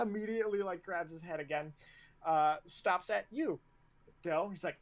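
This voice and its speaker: A young man narrating as game master, moving between plain narration and a drill instructor's gruff orders. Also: sits high, normal speed, a bit bright.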